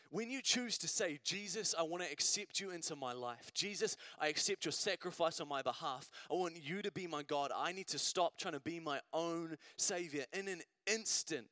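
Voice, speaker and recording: A male preacher delivers a sermon in a relaxed, conversational way and keeps asking the congregation "right?". His voice sits a little high, and the sound is dry and close. He builds to emphatic repeated phrases. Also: moderate pace, no echo. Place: church service.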